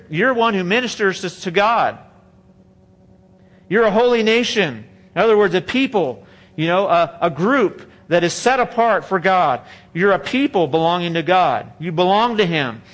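A man's voice: high voice, fairly bright tone. A man pastor preaching a sermon in a church, conversational and joking, often restarting and repeating phrases into a microphone. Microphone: handheld or stage microphone.

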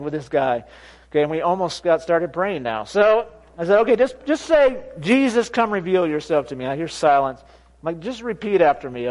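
Male pastor with a light, high voice; lively, laughing sermon storyteller. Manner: animated, laughing storyteller who acts out quoted voices. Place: church sanctuary.

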